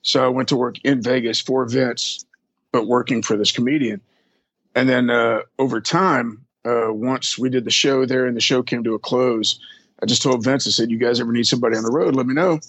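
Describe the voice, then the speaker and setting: Man, husky and dry, easygoing storyteller with salty language, voices the people he quotes. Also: mid-range voice, steady tone, fairly quick, a bit bright, no room sound. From Texas. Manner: rambling, profane, acts out quoted people. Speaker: drum tech. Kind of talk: casual storytelling interview.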